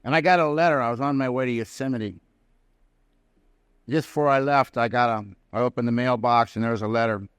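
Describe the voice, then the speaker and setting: A man's voice: mid-range voice, steady tone, brisk, clear, resonant tone, dry recording, studio quality. A man speaking at a recovery convention, telling his own story in a folksy, plain-spoken way with down-home grammar. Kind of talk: personal recovery story told to a live audience. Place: prison hall.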